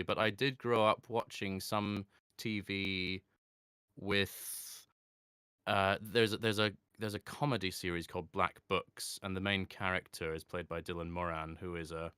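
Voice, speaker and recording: Deep, crisp-voiced man with mostly English accent. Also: steady tone, a little slow, sharp tone, no echo, clean studio sound. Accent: mostly English with soft Edinburgh traces. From Scotland (Edinburgh). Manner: chatty, many fillers and restarts, laughs easily. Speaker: voice actor as guest. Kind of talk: casual answering of questions.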